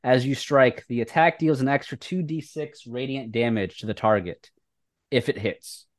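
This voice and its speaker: A man running a tabletop game as game master, calling rolls and describing the action. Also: mid-range voice. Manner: brisk rules narration.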